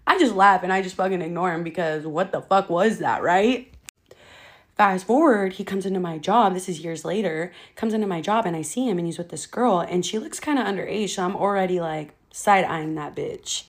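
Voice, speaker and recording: A woman's voice: on the low side, brisk. A young woman telling a casual storytime, blunt and exasperated, swearing freely.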